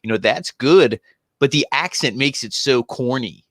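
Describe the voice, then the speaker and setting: A man's voice: medium pitch, no echo. Casual man reviewing wrestling, dry sound. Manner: rambling, filler-heavy, quick asides. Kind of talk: casual chat.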